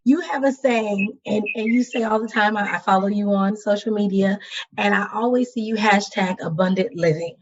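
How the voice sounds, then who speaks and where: A woman's voice: mid-range voice, moderate pace. A woman hosting a casual interview, who keeps affirming her guest. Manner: supportive, frequent affirmations. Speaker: host. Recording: dull lo-fi mic.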